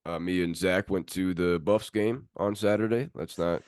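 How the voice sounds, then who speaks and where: A man's voice: low voice, normal speed, a little mellow, clean tone, no room sound, clean studio sound. A man hosting a sports podcast, chatting in laid-back, friendly banter. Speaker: podcast host. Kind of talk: casual chat.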